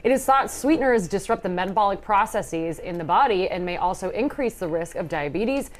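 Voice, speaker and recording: A woman co-hosting a TV news talk show, reading health news and viewer comments in a brisk, upbeat way. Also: mid-range voice, animated. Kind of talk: news reading and studio banter.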